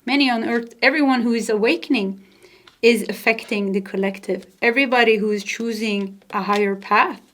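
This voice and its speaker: Soft nordic-accented lady doing a tarot reading, gentle and kinda high voice, little laughs here and there. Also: moderate pace. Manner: soft-spoken and gentle, with frequent light laughs. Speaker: tarot reader. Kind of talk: tarot card reading to camera.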